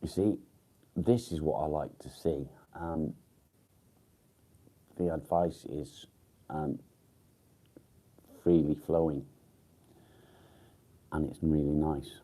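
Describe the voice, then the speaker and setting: A man's voice: very deep voice, fairly even intonation, takes it slowly, long pauses, mellow. A man hosting a casual morning live stream, still groggy and rambling with fillers and the odd swear word. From England. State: groggy, just woken up. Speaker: livestream host.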